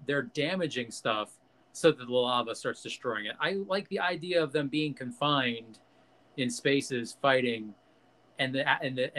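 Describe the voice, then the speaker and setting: A man's voice: medium pitch, a bit bright. A man hosting a podcast, ranting in casual, profane, jokey chat and acting out quotes. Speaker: podcast host.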